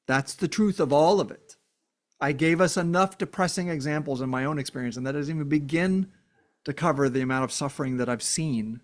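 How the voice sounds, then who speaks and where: A man giving an earnest, emphatic casual monologue, speaking directly to his viewers. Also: a little high. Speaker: vlogger. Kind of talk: casual heartfelt monologue to camera.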